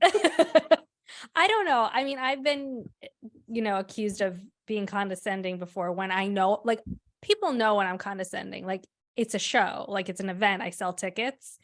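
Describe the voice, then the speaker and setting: A woman co-hosting a podcast in casual chat, self-deprecating and quick to laugh. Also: medium pitch. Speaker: podcast co-host.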